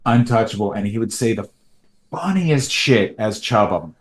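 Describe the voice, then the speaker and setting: A man in his thirties, a guest on an interview show, telling animated stories with frequent laughs and sudden high swoops into quoted voices. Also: normal speed, roomy sound. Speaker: animation creator and voice actor, guest. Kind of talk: casual interview chat.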